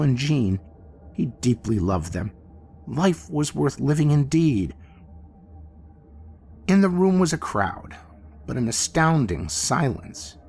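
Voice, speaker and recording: A man narrating a classic horror story in an expressive, theatrical manner. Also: medium pitch. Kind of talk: dramatic horror story reading. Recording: faint music bed behind.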